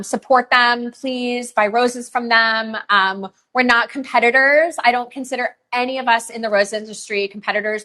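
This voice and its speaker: A woman hosting a live shopping stream for roses, chatting casually with lots of fillers and pauses. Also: medium pitch, sharp tone. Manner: chatty, many fillers, emotional at times. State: tearful. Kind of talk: live sales stream chat. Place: rose farm, humid.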